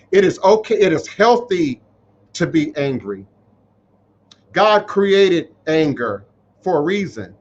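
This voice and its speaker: A man's voice: high voice, animated, unhurried. Emotional preachy man on a muffled livestream. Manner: emotional, preachy, repeats phrases for emphasis. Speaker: spiritual teacher hosting a live stream. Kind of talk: live-stream talk reading viewer comments.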